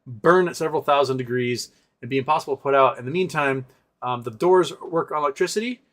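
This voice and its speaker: A man's voice: mid-range voice, quick pace, a bit bright. A man hosting a casual livestream, reading viewer comments and answering them in a sarcastic, rambling way with many fillers. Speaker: livestream host.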